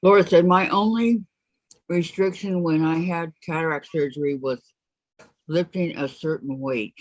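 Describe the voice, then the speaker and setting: A woman's voice: low-pitched, unhurried, darkish tone, no room sound. Woman reading chat aloud, lo-fi. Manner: reads viewer comments aloud. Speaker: livestream host reading chat. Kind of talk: casual chat. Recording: dull lo-fi stream audio.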